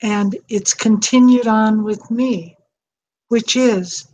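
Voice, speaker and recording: A woman's voice: fairly high pitch, steady tone, takes it slowly, dark tone, low-quality recording. An older woman hosting an advice talk, speaking in an earnest, reflective way. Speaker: host.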